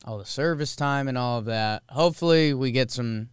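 A man's voice: medium pitch, moderate pace, clean tone, no room sound. A man co-hosting a podcast, chatting casually and jokily about sports. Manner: animated, joking, rambling. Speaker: podcast co-host.

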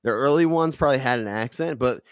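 A man's voice: medium pitch, fast, no room sound, clean studio sound. A man guesting on a podcast as a musician, chatting in a laid-back, profane way. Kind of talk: casual podcast chat.

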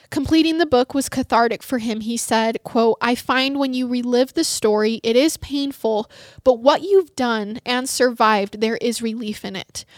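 A woman narrates a true crime case for her podcast, earnest and emotionally invested in the victims. Her voice sits a little high. The sound is dry and close, with no room around it. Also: no room sound. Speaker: podcast co-host.

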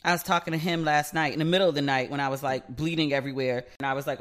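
A woman's voice: sits low, very fast, few pauses. A woman hosting her own podcast, chatting casually and frankly, swearing freely and acting out back-and-forth conversations as she tells stories. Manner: frank, profane, animated storytelling with quoted back-and-forth. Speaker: podcast host. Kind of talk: casual solo podcast chat.

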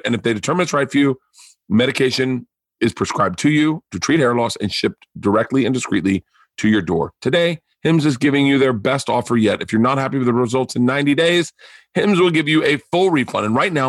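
A man's voice: medium pitch, lively intonation, quick pace, dry recording. A man hosting a podcast, reacting to his guest and reading a sponsor ad in a loose, chatty way. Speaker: podcast host. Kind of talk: casual chat and ad read.

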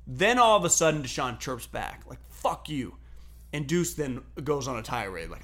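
A man hosting a sports talk show, telling stories in a loose, profane, animated way and laughing often. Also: mid-range voice, moderate pace.

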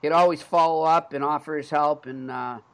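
A man's voice: fairly high pitch, steady tone, moderate pace, creaky, fairly bright tone. Earnest Boston-accented man in his thirties. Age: 30s. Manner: earnest, conversational storytelling. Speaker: podcast host. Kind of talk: sports podcast chat.

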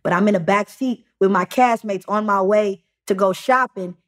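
A young adult woman appears as a guest on a podcast, telling a story casually in a medium-pitched, slightly bright voice. Her speech is halting, packed with fillers and restarts.

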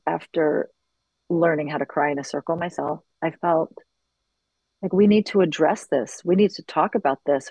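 A woman's voice: sits low, dry recording, rough recording. Middle-aged woman talking about leading circles, earnest and reflective, dry close mic. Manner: earnest, reflective, quotes others with animated bursts. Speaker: circle facilitator. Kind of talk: conversational interview.

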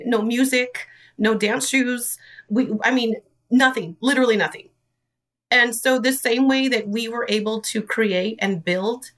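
A woman speaking as an interview guest in an earnest, emotional storytelling way. Her voice is bright and forward. She sits a little back from the microphone. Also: fairly high pitch, distant mic. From Idaho. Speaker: dance studio director.

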